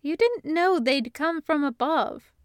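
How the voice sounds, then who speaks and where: A woman voicing an eager, cheerful young male fighter in a high, bright lilt. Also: expressive, measured pace, no echo, clean studio sound. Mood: reassuring.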